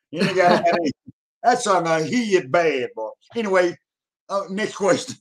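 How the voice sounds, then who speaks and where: A man talks as a show guest, boastful and profane. His voice sits high, and its pitch swings widely and lively. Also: moderate pace. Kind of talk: casual chat about CB radio.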